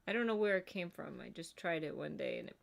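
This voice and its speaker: Casual co-host: woman, lower-pitched, rambling and chatty. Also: expressive, fast talker, vocal fry. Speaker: livestream co-host. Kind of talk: casual livestream chat.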